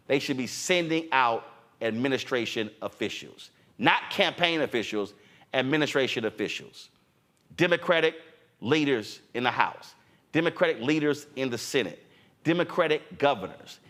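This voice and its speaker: Fired-up male political commentary host. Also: medium pitch. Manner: animated, preacher-like cadence, quoting others in mock voices.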